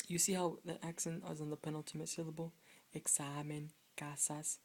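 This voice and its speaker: A woman teaching a video lesson on Spanish grammar rules, explaining patiently and haltingly, often restarting phrases and pointing at written words. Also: low-pitched, little pitch movement, darkish tone.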